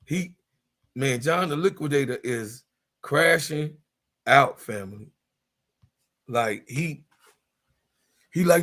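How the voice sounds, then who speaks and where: A man in his fifties ranting in a casual sports vlog, animated and heated, laughing and swearing freely. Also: on the high side, slow pace, pauses often. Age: 50s. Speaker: sports vlogger.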